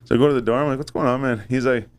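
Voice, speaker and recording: A man's voice: medium pitch, rapid-fire, clean tone. Profane man telling a story. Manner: profane, animated, acts out quoted voices. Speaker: podcast host. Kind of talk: casual storytelling chat.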